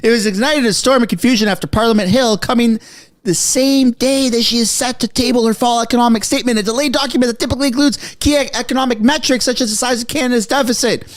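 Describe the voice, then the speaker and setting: A man reacting live to breaking news from his basement, excitable and out of breath, yelling one moment and muttering the next. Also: very high-pitched, fast talker. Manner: excitable, shouting, swinging from frantic to muttering. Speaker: political commentary streamer. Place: home basement.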